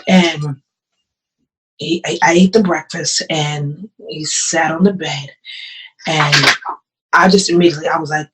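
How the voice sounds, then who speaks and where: A woman's voice: low-pitched, normal speed, poor audio. A woman pastor telling her own story as a podcast guest, earnest and emotional, often repeating phrases. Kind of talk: personal testimony in an interview.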